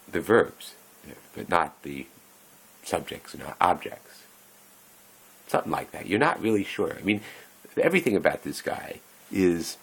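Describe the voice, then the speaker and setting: A deep, gravelly man's voice, rough and raspy in texture. He rambles along casually, breaking off his own sentences and chuckling as he wanders from thought to thought. His pitch swings lively up and down as he talks. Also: rough recording. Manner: meandering, self-interrupting, chuckling often.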